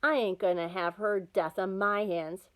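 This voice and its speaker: A woman voicing a cocky teenage boy who talks cool and low out of the corner of his mouth. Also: fairly even intonation, a little slow, lightly acted. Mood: scornful.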